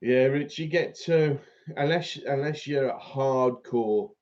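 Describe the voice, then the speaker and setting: Male host, casual and chatty, average pitch, lo-fi recording. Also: slow pace, a little mellow. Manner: chatty, laughs often, reads out viewer comments. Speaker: fishing channel host. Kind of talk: casual live-stream chat.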